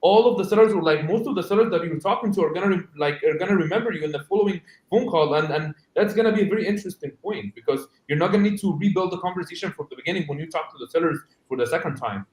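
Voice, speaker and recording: A man's voice: high-pitched, very fast, hardly any pauses, a little mellow, roomy sound, rough recording. A man from Egypt, chatting as a guest salesman on a video call in a loose, filler-heavy way. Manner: loose, filler-heavy, says "you know what I'm saying". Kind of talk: casual chat on a video call.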